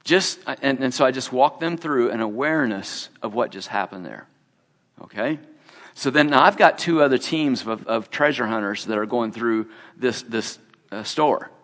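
With a mid-range, slightly bright voice, a man preaches by telling his testimony in a conversational way, taking on the roles of the people he describes. The sermon-style storytelling rings with long hall reverb.

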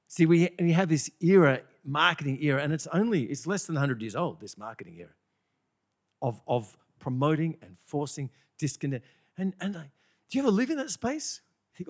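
A man preaching a sermon in a conversational, animated way, often asking the congregation questions. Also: on the high side, fairly quick.

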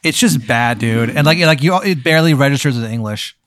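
A man's voice: mid-range voice, lively intonation, brisk, fairly bright tone, dry recording, clean studio sound. A man hosting an improvised role-play game, narrating in a rambling, casual way with lots of "like"s and swearing. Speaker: game host.

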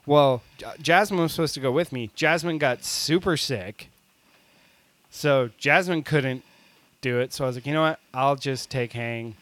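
A man's voice: mid-range voice, moderate pace, fairly bright tone, no echo. A man co-hosting a podcast, telling a long story in casual chat, laughing often and using many fillers. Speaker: podcast co-host.

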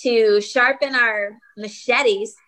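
Woman, high pitch, sharp bright tone, encouraging, faith talk. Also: steady tone, slow pace. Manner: encouraging, faith-based exhortation. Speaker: guest. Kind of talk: casual chat.

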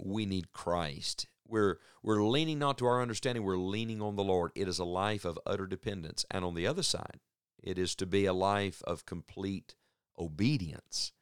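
A man teaching through a Bible passage on the radio in an earnest, measured way, stressing points through repetition. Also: fairly low pitch, clear, resonant tone, no room sound, clean studio sound.

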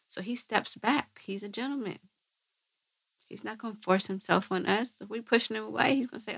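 A woman's voice: medium pitch, fairly quick, vocal fry, fairly bright tone, slightly rough, no echo. A woman host answering viewer questions with earnest religious teaching, often asking rhetorical questions and checking with "right?".

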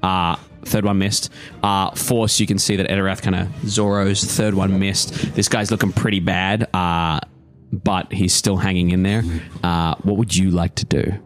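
A man's voice: low voice, level tone, normal speed, hardly any pauses, soft background music. A man narrating as game master of a tabletop game in a laid-back way, with many fillers.

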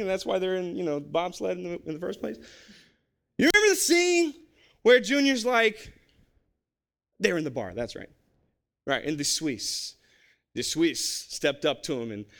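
Bright-toned male pastor, casual and animated, pitch swinging wide. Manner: animated, conversational, jokey. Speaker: pastor and basketball coach. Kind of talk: sermon.

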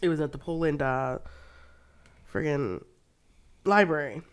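A woman's voice: low-pitched, lively intonation, unhurried, smooth. A woman co-hosting a podcast, telling casual stories with frequent laughs and swearing. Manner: storytelling, swears freely, laughs often. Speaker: podcast co-host. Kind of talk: casual chat.

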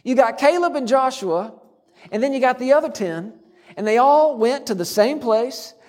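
A man's voice: very high-pitched, a little mellow. A man preaching a sermon, driving his points home through repeated declarations and rhetorical questions.

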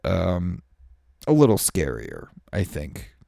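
Recorded in a dry, studio-quality setting on a studio mic, a podcast host delivers a solo rambling monologue full of crude, self-mocking metaphors and free swearing. His deep voice moves slowly with huge pitch swings, creaky yet warm.

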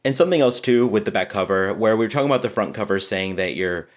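A man with a very low, deep voice talks through book layout in a relaxed podcast chat. He is easygoing and drops in frequent "you know"s as he explains. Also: fast talker. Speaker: podcast co-host, book designer.

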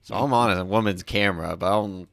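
A man's voice: lowish voice, quick pace, vocal fry, dry recording. A man co-hosting a casual podcast chat, telling stories with energy and acting out the people he quotes. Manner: animated storyteller, acts out shouted quotes. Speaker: podcast co-host.

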